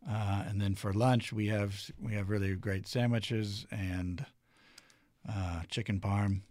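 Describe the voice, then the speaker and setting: A man's voice: lowish voice, fairly even intonation, slow pace, a little mellow, dry recording. A man who co-owns a restaurant, answering interview questions in an easygoing way with many filler words. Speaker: restaurant co-owner, guest.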